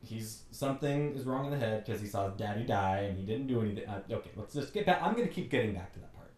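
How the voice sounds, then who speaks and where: A man's voice: mid-range voice, big pitch swings, quick pace, echoey room, far from the mic, slight background noise. A man giving an exasperated, joking recap of a bad movie, putting on mocking voices as he goes. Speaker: movie reviewer. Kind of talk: comedic movie rant.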